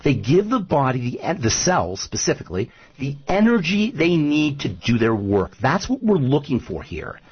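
A man's voice: a little high, very animated, normal speed, few pauses, breathy edge, lo-fi sound. A man speaking as a nutrition expert guest on a radio talk show, emphatic and repeating his points, often telling stories.

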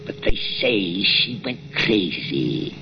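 An old, gravelly, jittery night watchman. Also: lowish voice, sing-song, noisy background, heavily acted. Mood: eerie storytelling. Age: older. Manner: hesitant, halting, full of "uh"s, spooky storytelling. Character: old nervous male museum night watchman. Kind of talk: 1940s radio acting. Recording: dull lo-fi old radio recording with music.

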